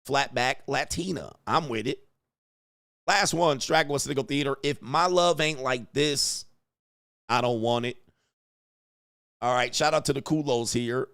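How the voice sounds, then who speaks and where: A man in the host's seat, talking over clips in loose, crude slang at an everyday mid pitch. He mocks what he watches and breaks into laughs between remarks. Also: unhurried, long pauses, a bit bright, clean tone. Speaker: host. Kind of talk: reaction commentary.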